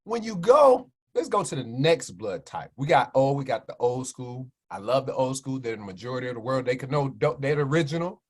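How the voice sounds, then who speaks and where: On a livestream, an animated minister and wellness speaker from Chicago, USA, lectures the live chat on health in a preachy way. His voice sits on the high side, and he repeatedly asks "right?" to win agreement.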